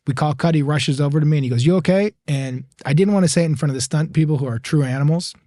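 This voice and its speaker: A man with a somewhat raised pitch tells a story as a podcast guest, acting out each line of dialogue with lots of laughter. The sound is dry and close, with no room echo. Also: rapid-fire. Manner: animated, acts out quoted dialogue, laughs often. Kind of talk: casual storytelling.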